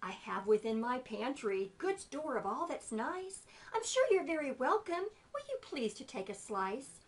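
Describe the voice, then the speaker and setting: A woman's voice: high-pitched, big pitch swings, unhurried. A woman voicing a cunning, sweet-talking male spider from a poem, with a sugary, coaxing manner.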